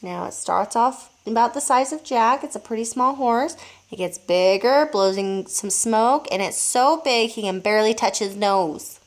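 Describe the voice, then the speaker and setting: A teacher reading a children's book aloud to young pupils, pausing to show the pictures. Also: female voice, fairly high pitch. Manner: expressive, showing pictures as she reads.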